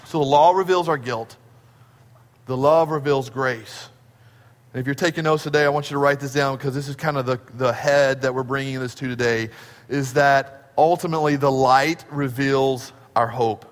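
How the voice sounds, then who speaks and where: A man's voice: medium pitch, fairly even intonation, normal speed. A man preaching a sermon in a church, building to moments of urgency. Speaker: pastor. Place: church sanctuary. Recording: long hall reverb.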